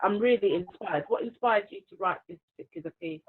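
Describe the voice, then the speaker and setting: A woman's voice: medium pitch, quick pace, slight background noise. Brief: bubbly woman host, laughs easily, tinny phone-like sound over a video call. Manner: bubbly, laughing, reads out comments. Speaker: host of a book launch. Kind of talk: live-stream interview hosting.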